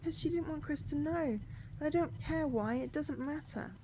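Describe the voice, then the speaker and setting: A woman reading game dialogue aloud, voicing a guilty, hopeless young man who speaks in a shaky, halting, pleading way. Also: high-pitched, noisy background, voice pushed up. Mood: distraught.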